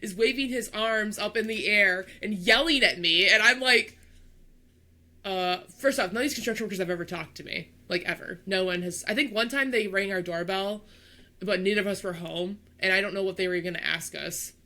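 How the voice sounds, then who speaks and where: Young woman podcast co-host, bright tone, animated storyteller. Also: medium pitch, brisk. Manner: animated storyteller, acts out voices, laughs. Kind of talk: casual storytelling chat.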